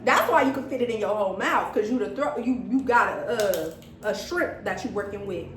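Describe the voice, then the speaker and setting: Animated young woman telling a story in an echoey room. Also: mid-range voice, fairly quick, soft background music. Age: young adult. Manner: animated, dramatic retelling with gasps and quoted lines. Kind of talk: casual storytime chat. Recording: echoey room, mic at a distance.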